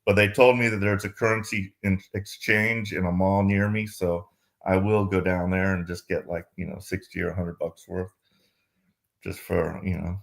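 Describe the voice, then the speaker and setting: A man's voice: deep voice, level tone, normal speed, vocal fry. A man calling in to a live Q&A, talking casually and rambling with lots of fillers. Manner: rambling, many fillers like "like" and "you know". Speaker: caller. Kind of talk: casual chat.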